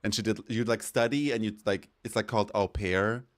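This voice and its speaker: A man from Europe with a slightly low voice, chatting casually as a streamer while he plays. He tells stories in a campy, animated way and swears freely. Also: brisk. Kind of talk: casual chat while gaming.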